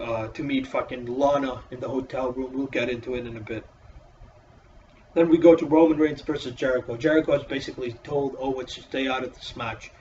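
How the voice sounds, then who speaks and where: A man's voice: medium pitch, darkish tone, far from the mic, muffled recording, a little hiss or hum. A man casually reviewing a wrestling show in a profane, exasperated, sarcastic rant.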